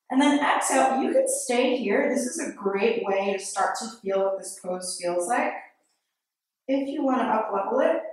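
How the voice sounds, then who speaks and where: A woman yoga instructor leading a class with steady step-by-step breathing and movement cues in a yoga studio. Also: fairly high pitch. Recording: very echoey studio, mic far off.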